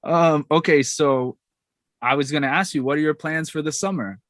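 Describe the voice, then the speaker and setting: A man's voice: a little high, steady tone, normal speed, fairly bright tone. A man hosting a casual podcast interview, asking chatty questions in an upbeat, friendly way. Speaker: podcast host.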